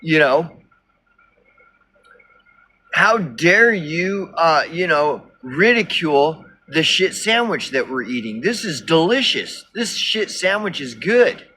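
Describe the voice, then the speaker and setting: A man voicing an angry, defensive online crowd of men who shout insults. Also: a little high, sing-song, slow pace, slight background noise, voice pushed up, full character voice. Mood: indignant.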